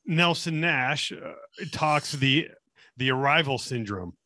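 A man's voice: mid-range voice, lively intonation, slow pace, bright, forceful tone, dry recording, clean studio sound. A man co-hosting a podcast, chatting casually in a joking, self-mocking way. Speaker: podcast co-host. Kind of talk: casual chat.

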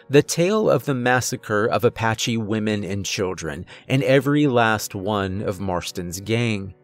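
A man reading a horror story aloud as narrator, in a measured, deliberate storytelling manner. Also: on the low side.

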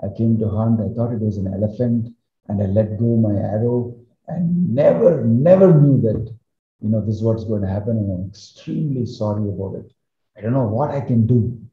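A man's voice: fairly low pitch, normal speed, natural voice. A man playing a frightened, remorseful king who apologizes in a rush and stammers. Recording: roomy, slightly dull recording.

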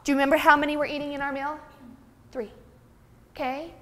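A high-voiced woman lecturing at a seminar, upbeat and chatty with the audience. Her voice rings with a long reverb through the hall. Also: flat delivery, quick pace, fairly bright tone. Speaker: nutrition seminar presenter. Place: seminar room.

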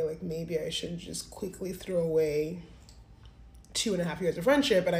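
A woman's voice: lowish voice, warm tone. A young woman in her twenties recounts her night out in a candid, rambling way, scattering "like" through her talk. Her voice rings back off the walls of a roomy space. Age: 20s. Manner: candid, rambling, heavy use of "like". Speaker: vlogger. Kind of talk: casual storytelling to camera. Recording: roomy echo.

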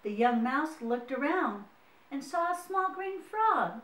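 Lady reading a storybook to kids, highish voice, echoey room. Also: lively intonation, a little slow, recorded from a distance. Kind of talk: reading a picture book aloud. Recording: roomy, mic set away.

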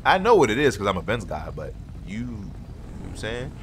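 A young man chatting casually with a friend while playing a driving game, loud and joking with playful trash talk. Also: fairly low pitch, huge pitch swings, fairly quick, a little hiss or hum. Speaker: gaming streamer. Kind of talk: casual gameplay chat with a friend.

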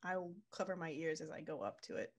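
A woman's voice: deep voice, animated, fast talker, creaky, husky, dull audio. Chatty woman tabletop player. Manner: chatty, with restarts. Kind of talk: tabletop role-play chat.

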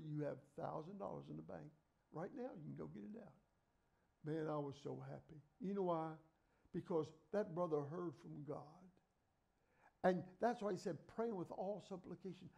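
A middle-aged man preaches a fervent sermon. His voice sits a little high and has a gravelly edge. He moves from loud exhortation to quiet, confiding storytelling. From United States.

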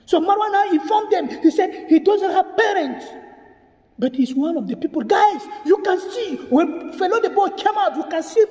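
A man's voice: extremely high pitch, animated, moderate pace, a little mellow, echoey room, long reverb tail. A man talking to his viewers in an emotional video commentary, tearful and repeating himself as he appeals to them. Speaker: vlogger.

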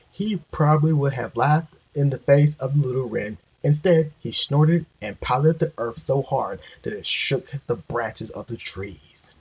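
Husky man reading a story aloud. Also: medium pitch, darkish tone, poor audio. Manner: stumbling, often correcting himself mid-line. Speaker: amateur reader.

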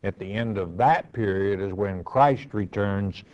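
Male pastor answering bible questions, slow and firm, lowish voice, dull lo-fi sound. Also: a little mellow. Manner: slow, measured, firm and matter-of-fact. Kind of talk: radio bible teaching.

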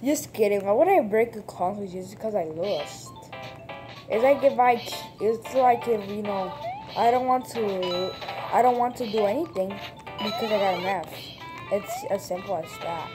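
A woman chatting casually through a video game playthrough, breaking into excited shouts and laughs at close calls. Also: medium pitch, moderate pace. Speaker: gameplay commentator. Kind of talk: casual let's-play commentary. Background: video game music.

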